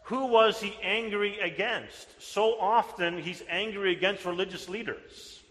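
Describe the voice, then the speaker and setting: A man's voice: high-pitched, unhurried, fairly bright tone, in a large hall. A man preaching a sermon as pastor, earnest and answering his own rhetorical questions. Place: church sanctuary.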